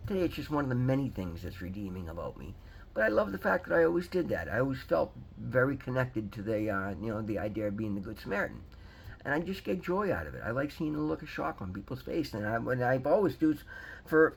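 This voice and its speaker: A recovery vlogger in his 50s talks earnestly to camera, giving a casual motivational talk to his viewers, whom he calls guys. His medium-pitched voice is creaky and husky, his delivery rambling and repetitive, and the recording is rough.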